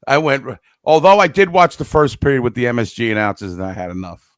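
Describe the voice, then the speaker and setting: Joking New York podcast co-host. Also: male voice, mid-range voice, big pitch swings, fast, dry recording, clean studio sound. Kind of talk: casual hockey fan chat.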